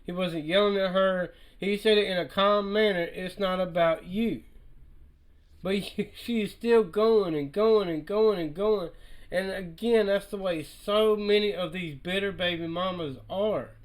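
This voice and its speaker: Man reacting to a clip for viewers, high pitch, emphatic and repetitive. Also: unhurried, poor audio. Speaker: reaction video commentator. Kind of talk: reaction commentary.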